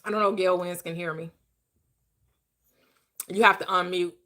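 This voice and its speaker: A woman's voice: on the low side, steady tone, moderate pace, bright, forceful tone. A woman hosting a casual online panel chat, blunt, teasing and preachy. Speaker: host.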